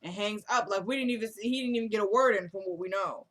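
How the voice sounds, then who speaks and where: A woman's voice: mid-range voice, fast, fairly bright tone. A woman chatting casually as she recaps a TV drama episode, acting out the characters' lines and tossing in joking asides. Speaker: TV recap vlogger.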